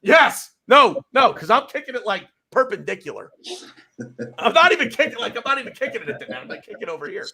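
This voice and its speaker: A man's voice: very high voice, very animated, fast, creaky, pushed and bright. An American man hosting a podcast, worked up and swearing, repeating phrases and talking over the others. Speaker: podcast host. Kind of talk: heated podcast rant.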